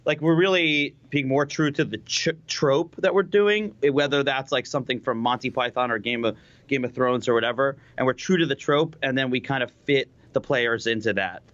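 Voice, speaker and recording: A man guesting on a casual chat, joking quickly and laughing often. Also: mid-range voice, a bit bright, dry recording, muffled recording. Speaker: guest, web series co-creator.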